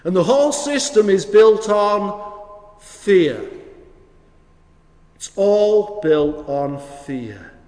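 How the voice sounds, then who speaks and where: A man preaching as a vicar, with wry storytelling and sudden drops to hushed emphasis. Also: high voice, expressive, very slow, long pauses. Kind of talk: sermon. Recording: long hall reverb.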